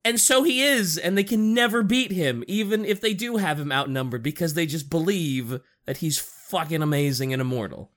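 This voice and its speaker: Casual co-host, lively swinging pitch, excitable, swears, laughs. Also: moderate pace, few pauses. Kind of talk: casual chat.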